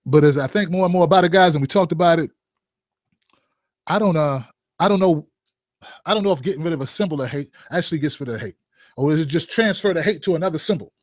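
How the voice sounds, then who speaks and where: High-voiced man joking through commentary. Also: fast, pauses often, dry recording, studio quality. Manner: joking, rhetorical questions, asides to viewers. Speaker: host of a commentary show. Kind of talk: opinion commentary vlog.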